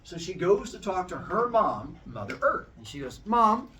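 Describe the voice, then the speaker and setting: A man hosting a podcast, telling a myth as an animated, jokey comic story. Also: high voice, moderate pace, recorded from a distance. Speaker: podcast host.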